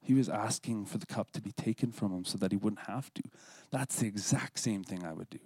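A lay speaker at a church service gives an earnest, scripted devotional talk, sometimes dropping to a whisper for prayers. His lowish voice is brisk and a little mellow with a breathy edge, and there's no room sound.

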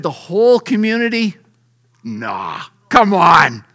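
Middle-aged preacher guy, high bright voice, folksy sermon, acts out the scripture as he reads. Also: moderate pace. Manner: lively preaching, reads scripture aloud with acted lines; folksy and conversational. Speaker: pastor.

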